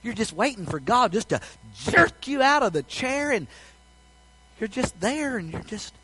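A man preaching a sermon in a folksy storytelling way, swinging between loud passages and hushed ones. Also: high voice, sing-song, a little slow, low-quality recording.

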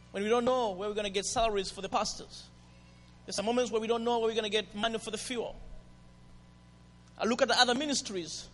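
Man, pastor, passionate sermon, swings from hushed to shouting, very high, ringing hall. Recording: reverberant hall.

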